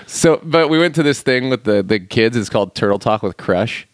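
A man's voice: mid-range voice, normal speed, no room sound. A man co-hosting a podcast, chatting casually and laid-back, often acting out what others said. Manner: laid-back, quotes friends in animated voices. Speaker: podcast co-host. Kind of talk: casual chat. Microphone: studio mic with headphones.

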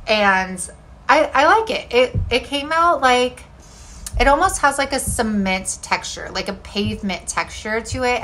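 A woman's voice: medium pitch, pushed and bright. A woman talking through a home decor craft project in a chatty, bubbly voice-over full of "like" and "um". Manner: chatty, bubbly, filler-heavy with lots of "like". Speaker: DIY home decor creator. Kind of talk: casual crafting voice-over tutorial.

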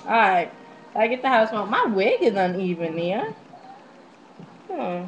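A young woman telling a story casually to her webcam at home, brash, profane and animated as she gossips. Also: medium pitch, a little slow, slight background noise, low-quality recording. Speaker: vlogger.

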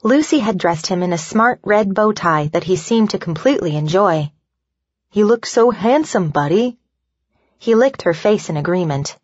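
Woman narrator, low voice, measured audiobook reading, dull dry studio sound. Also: lively intonation, no room sound. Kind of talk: scripted narration.

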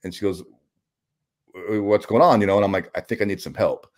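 A man with a deep, low-pitched voice speaks as a guest in an interview. He tells a personal story candidly and plainly. His speech halts and restarts often, with casual swearing mixed in. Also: brisk.

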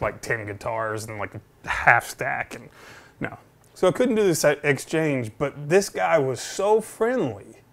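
An excitable man in a casual vlog with an average-pitched voice. He tells a story in an animated way and keeps drifting into rambling asides. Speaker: vlogger.

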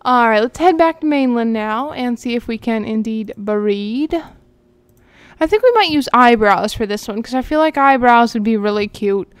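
Animated and high-voiced, a gaming host plays a horse game and casually chats with viewers, rambling and talking to herself. She speaks at normal speed with a clean tone and no echo.

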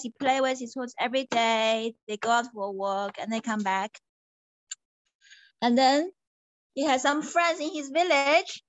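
A woman teacher telling a children's story in an animated, sing-song way, switching between English and Mandarin. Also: sits high, dry recording.

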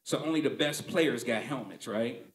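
A man's voice: medium pitch, normal speed, roomy sound. A male stand-up comedian telling stories in a conversational, punchy, profane way. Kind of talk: stand-up storytelling.

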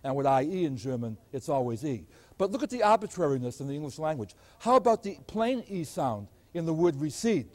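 A man's voice: on the high side, a little fast. Older man giving a math lecture. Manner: animated, storytelling teacher. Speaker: math professor. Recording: older recording.

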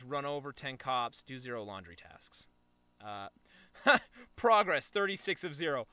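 A man's voice: fairly high pitch, smooth, no echo. A man giving casual let's-play commentary as a gaming video creator, chatty and self-mocking, trash-talking the game as he plays. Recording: loud game music behind.

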